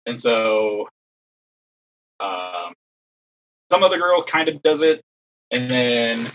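A man, an assistant softball coach, telling a story in casual chat, acting out other people's lines in a raised voice. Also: mid-range voice, animated, slow pace, muffled recording, slight background noise.

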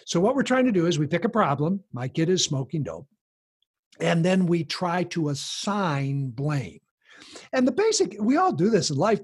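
A man explaining a parenting approach in conversation, animated and acting out the voices of people he quotes. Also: fairly high pitch, moderate pace, husky.

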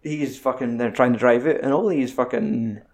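A man with a Scottish accent in casual film chat, swearing freely and getting animated as he retells scenes. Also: medium pitch, moderate pace.

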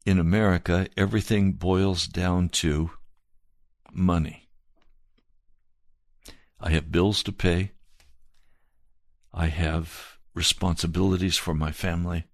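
A man preaching a slow, earnest sermon and telling a personal testimony. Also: low voice, fairly even intonation, dry recording, studio quality. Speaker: pastor.

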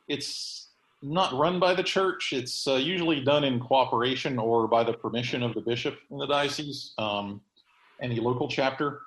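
A man's voice: medium pitch, a bit bright, reverberant, poor audio. A man hosting a podcast in casual chat, rambling with many fillers and restarts. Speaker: podcast host.

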